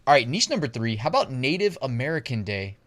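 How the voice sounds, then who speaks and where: A man's voice: medium pitch, very animated, fast talker, a bit bright. A man hosting an online business channel, talking through screen research in a chatty way, laughing at himself and thinking aloud. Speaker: host.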